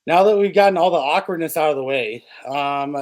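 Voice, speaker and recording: Male host, upbeat and jokey, a touch higher voice than usual. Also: a little fast, low-quality recording. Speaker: podcast host. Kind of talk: casual podcast chat.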